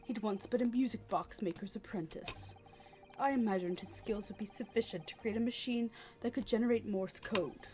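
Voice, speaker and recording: A woman voicing a bitter, ambitious man who confesses his crimes in a steady, measured reading. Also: mid-range voice, slight background noise, lightly acted. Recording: faint music behind.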